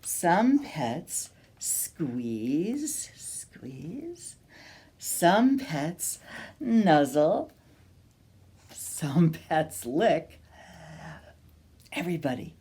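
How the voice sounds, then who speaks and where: A woman reading a picture book aloud at a children's storytime, slow and sing-song, inviting the children to join in. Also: low voice, animated, dark tone, husky.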